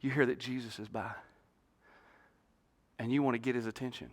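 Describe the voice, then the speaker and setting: A man preaching a sermon as pastor. He tells the story in an animated way and jokes with the congregation on a church stage. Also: medium pitch, a little fast.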